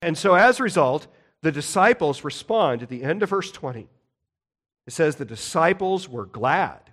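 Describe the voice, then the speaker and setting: Pastor, male, high voice, conversational sermon with lively swings and quiet dramatic dips. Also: moderate pace. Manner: conversational, animated, with soft dramatic drops.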